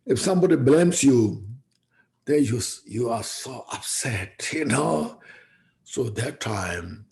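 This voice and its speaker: A male Buddhist teacher delivers a Dharma talk at a slow, deliberate pace. His voice has a gravelly, creaky edge. He speaks reflectively and keeps tagging his points with "you see" and "you know.". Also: medium pitch, animated, a little mellow.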